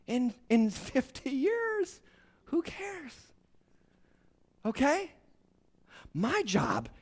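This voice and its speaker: A middle-aged male pastor preaching a sermon, emphatic, swinging from quiet asides to shouted points. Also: high voice, husky.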